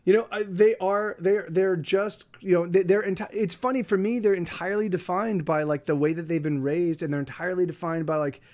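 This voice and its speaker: High-voiced man rambling casually. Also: fairly even intonation, a little fast, few pauses. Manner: rambling, many restarts and repeated words; soft baby talk to his dog. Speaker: livestream host. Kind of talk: casual chat.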